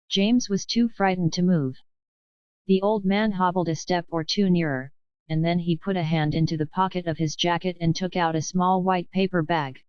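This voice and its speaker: A woman narrating a children's audiobook in a measured, expressive reading. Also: fairly low pitch, smooth, no room sound, dull audio. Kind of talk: scripted storybook narration.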